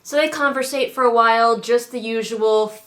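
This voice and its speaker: A woman's voice: a little high, fairly even intonation, moderate pace, a bit bright. A woman with a nasal voice, sitting in a chair at home and giving a sarcastic, casual critique of a book. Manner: sarcastic, snarky. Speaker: book reviewer.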